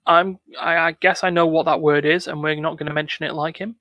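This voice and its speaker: A man with a slightly high voice reads a game's narration aloud, then breaks off into casual joking chat. His voice is dry and close, with no room sound. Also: flat delivery, fairly quick, no echo, muffled recording. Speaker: game player reading the game's text. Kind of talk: casual let's-play narration.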